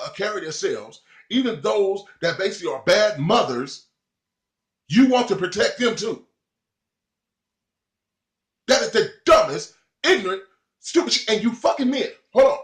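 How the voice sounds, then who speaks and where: A man going off in a heated, profane commentary rant, his voice a little high and swinging widely in pitch. He is recorded in a room with noticeable echo. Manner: heated, profane, animated ranting. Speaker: vlogger. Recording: echoey room.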